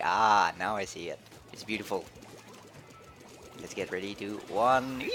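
A man streaming a video game live, chatting playfully and excitedly. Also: lowish voice, measured pace, creaky, pauses often, slight background noise. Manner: playful, excitable, switching between English and French. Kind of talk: casual live-stream commentary.

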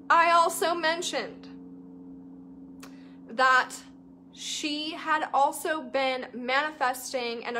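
A woman's voice: high voice, bright, forceful tone. A young adult woman coach chatting casually with viewers in an enthusiastic, emphatic way. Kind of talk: casual live chat to viewers.

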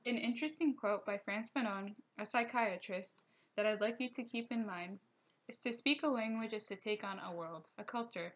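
A young woman narrating a recorded slideshow language lesson, reading each slide aloud at a steady pace and slowing down for pronunciation notes. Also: medium pitch. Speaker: teacher.

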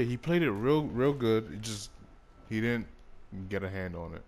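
A young gaming YouTuber gives casual, profane live commentary while playing a football video game, often breaking into outbursts at the action. His voice is on the low side at a moderate pace, with a little hiss or hum in the recording.

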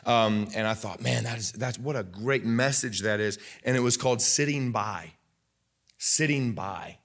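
A man's voice: medium pitch, moderate pace, a bit bright. Man preaching with emphatic rising bursts. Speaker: pastor. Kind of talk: sermon. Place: church sanctuary.

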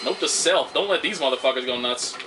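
A man commentating on his own gameplay, swearing loudly at the game and making sarcastic remarks. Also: medium pitch, brisk, background noise. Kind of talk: let's play commentary.

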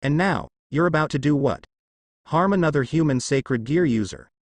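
A man reading a fanfic aloud, voicing a calm, menacing young male demon ninja who talks dryly and pleasantly. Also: fairly high pitch, moderate pace, no echo. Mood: cool. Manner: dry, pleasant, quietly threatening.

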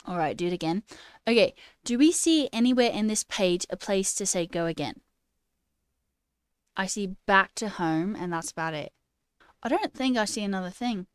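A woman's voice: mid-range voice, expressive, moderate pace, smooth, no echo, studio quality. A woman chatting casually on a live stream, playfully putting on a mock British accent and laughing often as she reads chat aloud. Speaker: livestreamer and new software engineer.

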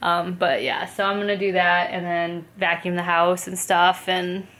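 This young mother vlogs casually into a handheld camera at home at night, rambling with plenty of "like" and "um." Her voice is fairly low, steady, unhurried and fairly bright.

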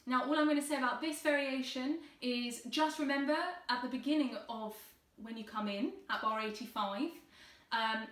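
A woman's voice: a little high, a bit bright. Woman, cello teacher, patient and encouraging, echoey room, distant mic. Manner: encouraging, patient, step-by-step instructions. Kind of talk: online music tutorial.

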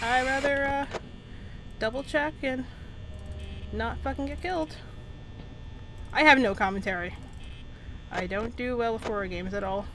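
A woman's voice: fairly high pitch, background noise. A young adult woman commentating a horror game, jumpy and nervous, babbling and swearing constantly. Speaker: gaming channel host.

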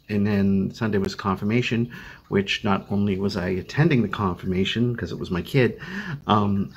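An older man with a Boston accent talks in a tired, rambling way, often stopping to restart his sentences. His voice sits low and sounds husky. He records at home on a phone used as a webcam. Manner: rambling, many fillers and restarts. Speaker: vlogger living with chronic illness. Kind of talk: casual personal video update.

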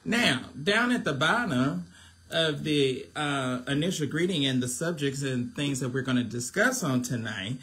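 Slow, chatty man on a phone livestream. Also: on the high side, expressive, a bit bright. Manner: chatty, preachy, laughing, mimics fans. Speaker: livestream host and minister. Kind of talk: casual livestream chat.

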